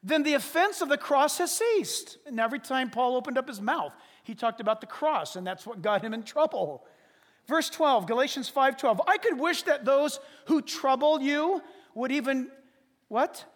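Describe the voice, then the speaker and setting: A man preaching a sermon as pastor. He talks emphatically, swinging between loud bursts and hushed asides, with laughter. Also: very high voice, expressive, moderate pace. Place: church sanctuary. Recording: long hall reverb.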